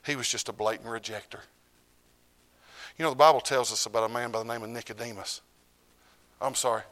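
A middle-aged man, preaching a sermon as pastor. He swings from loud declarations to low, hushed lines. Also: fairly even intonation, a little fast.

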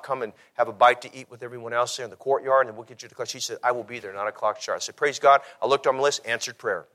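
A man's voice: medium pitch, pushed and bright. A middle-aged man preaching as pastor, telling a testimony with repeated phrases and ending in an earnest altar call. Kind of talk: sermon with personal testimony.

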